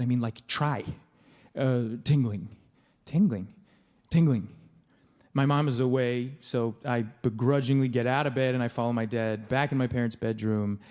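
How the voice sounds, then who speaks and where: A man's voice: medium pitch, a little mellow, close to an everyday voice. A man performing a stage monologue as a wry, tender young expectant father, telling his story conversationally with dry asides. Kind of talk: live theatrical monologue. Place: live stage in a theater with an audience. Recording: live stage with long hall reverb.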